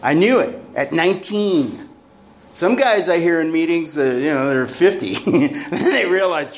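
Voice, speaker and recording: A man's voice: on the high side, expressive, a little slow, a little hiss or hum. A man telling his own recovery story at a meeting, blunt and rambling, with profanity. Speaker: recovering alcoholic sharing at a meeting. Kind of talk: candid personal testimony.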